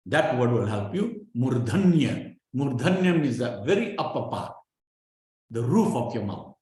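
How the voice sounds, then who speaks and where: A man teaching Sanskrit pronunciation in an online class, patiently drilling syllables and often checking in with his students. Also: mid-range voice. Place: online class over a video call. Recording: very echoey room sound.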